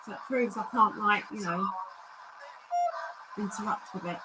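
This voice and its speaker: A woman's voice: medium pitch, measured pace, background noise. A woman hosting a paranormal livestream at home, coaxing and chatting in a sing-song way. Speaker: paranormal vlog host. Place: indoors at home, carpeted room.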